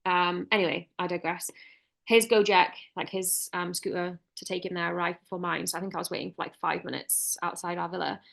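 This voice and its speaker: A woman's voice: on the low side, little pitch movement, a little fast, vocal fry, fairly bright tone. A woman co-hosting a podcast, telling a story in rambling, chatty casual talk full of fillers. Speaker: podcast co-host. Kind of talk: casual chat.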